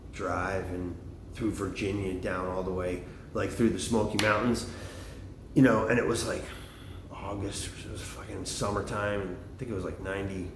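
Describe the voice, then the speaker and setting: A deep-voiced middle-aged man rambles through a profane story in a casual monologue, drifting off on tangents. He's recorded on a phone in an echoey room with a noisy background.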